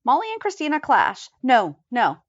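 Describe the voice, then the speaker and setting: A chatty woman co-hosting a fan podcast. Her pitch moves a lot as she talks, and she rattles through lists in a quick, matter-of-fact way. The sound is dry and a little dull. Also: wildly swooping pitch, no room sound. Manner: chatty, reads episode headlines in a quick list. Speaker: podcast co-host. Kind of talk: casual recap chat.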